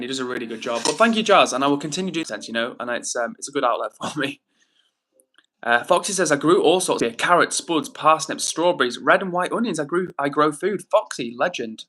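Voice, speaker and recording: Young dude on a livestream, bright voice, chatty and upbeat with his viewers. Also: mid-range voice. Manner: chatty, upbeat, reads chat messages aloud. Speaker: livestream host. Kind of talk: casual livestream chat reading comments.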